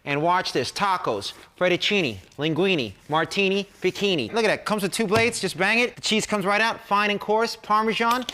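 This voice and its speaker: A middle-aged man pitching a kitchen gadget in a brash, joking infomercial patter. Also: a little fast, hardly any pauses, bright, forceful tone, clean tone. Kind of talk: fast-talking infomercial demonstration.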